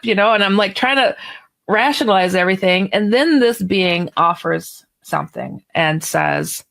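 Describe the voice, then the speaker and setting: A woman guest author telling a story on a radio interview, animated and chatty, laughing now and then. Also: medium pitch, normal speed, vocal fry.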